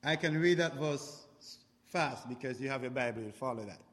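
A man preaching a sermon, speaking slowly and deliberately and rising into loud exclamations. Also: mid-range voice, in a large hall. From outside Canada.

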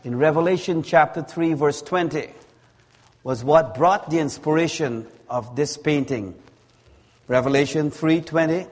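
A man delivers a sermon at a very slow, measured pace, stressing key words again and again. His voice sits a little higher than most men's. The sound carries a long reverb, as in a church hall. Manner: slow, deliberate preaching with emphatic repetition. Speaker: preacher.

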